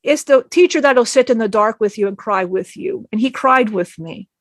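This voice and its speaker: A woman's voice: a little high, normal speed, no echo. A woman channeling a spirit, telling an emotional personal story in a rambling way, often acting out what others said and laughing.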